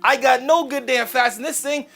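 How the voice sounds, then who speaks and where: A man's voice: very high voice, normal speed, vocal fry, fairly bright tone, soft background music, heavily acted. A man voicing a slangy, exasperated male worker who keeps complaining about his lot. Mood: griping. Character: grumbling male worker stuck with coal.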